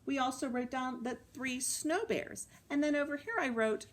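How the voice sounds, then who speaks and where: A woman's voice: high-pitched, moderate pace. A woman running a children's storytime in a library, reading aloud and asking the children questions. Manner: animated, coaxing, asks the kids questions. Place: library room.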